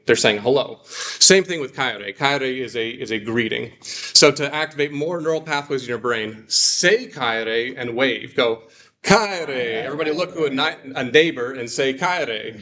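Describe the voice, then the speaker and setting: A man teaching a Greek class, explaining patiently and slowing down to repeat words for students. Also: mid-range voice, sharp tone. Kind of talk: classroom lesson.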